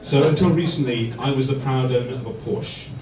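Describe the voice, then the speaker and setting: A man performing a stand-up comedy set in a club, telling deadpan one-liners. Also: medium pitch, a little fast, recorded from a distance, a loud crowd. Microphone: far phone recording. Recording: echoey dull phone recording from afar.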